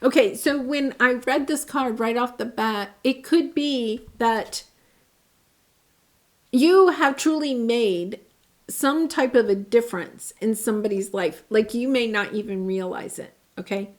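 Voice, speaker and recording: A woman reads tarot cards for her viewers, her voice sitting a little high. She speaks earnestly and with feeling, often restarting her sentences and dropping into soft asides. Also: measured pace. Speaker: tarot reader. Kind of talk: tarot reading to camera.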